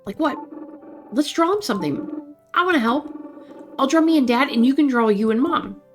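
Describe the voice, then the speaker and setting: A woman's voice: sits high, expressive, moderate pace, soft background music, voice pushed up. A woman voicing an eager, cheerful little girl in a story game. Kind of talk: reading interactive fiction aloud.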